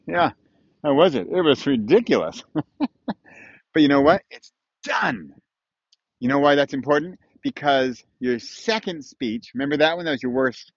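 A man hosting a self-recorded motivational monologue, playful and self-mocking, swinging between punchy lines and quiet asides. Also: medium pitch, expressive, normal speed, dry recording, highs cut off. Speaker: weekly video host. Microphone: camera mic, self-recorded.

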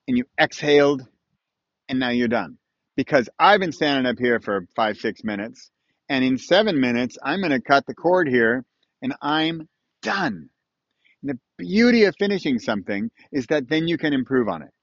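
A man talks straight into his own camera in a playful, self-mocking motivational monologue. His delivery jumps between loud punchy lines and low muttered asides. The sound is dry and a little dull, like a modest lo-fi camera mic. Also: animated, moderate pace, no echo. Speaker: weekly video host. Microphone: camera mic, self-recorded.

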